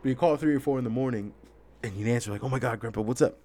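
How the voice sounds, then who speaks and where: A man hosting a podcast in casual chat, laughing often and acting out friends in quick voices. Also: mid-range voice, warm tone, slight background noise. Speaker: podcast host.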